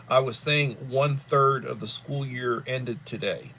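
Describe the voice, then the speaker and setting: A tired, yawning man hosting a casual livestream chat, rambling and unhurried, often repeating words. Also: medium pitch, fairly even intonation, bright, forceful tone, slight background noise. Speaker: livestream host.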